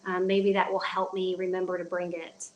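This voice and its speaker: A woman's voice: lowish voice, completely flat delivery, normal speed, roomy sound, muffled recording, a little hiss or hum. A woman with a Kentucky accent hosting a casual live chat stream from her phone, rambling and laughing often. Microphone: phone at arm's length.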